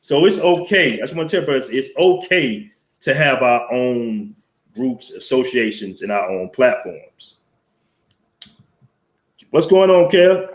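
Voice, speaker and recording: A man's voice: mid-range voice, expressive, measured pace, reverberant. A man, hosting a blunt, profane, chatty live stream on a headset mic. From Southern US. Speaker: host. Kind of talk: casual live-stream storytelling. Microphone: headset mic with headphones.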